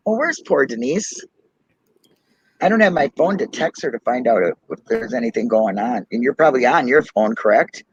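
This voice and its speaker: A man with a Minnesotan accent in casual podcast chat, chatty, talking fast and laughing often. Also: medium pitch, lively intonation, breathy edge, no echo, lo-fi sound. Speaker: podcast co-host.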